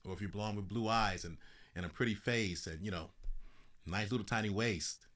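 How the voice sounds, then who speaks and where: A man hosting his own podcast, talking through political commentary in a casual, animated way, with conversational slang and a few mock announcer asides. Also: lowish voice, normal speed. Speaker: podcast host.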